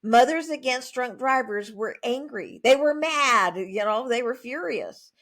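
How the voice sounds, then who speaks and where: A woman author speaking as a guest in a conversational interview, emphatic and plain-spoken, with animated asides. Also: on the high side, a little slow.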